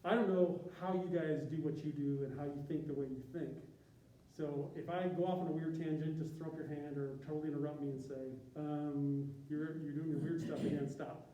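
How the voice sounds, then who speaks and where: A man's voice: a little high, fairly even intonation, a little fast, warm tone, highs cut off. A man from Chicago, a university graphic artist, giving an informal, self-deprecating talk to a class. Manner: self-deprecating, joking, chatty with tangents. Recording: echoey room from a distance.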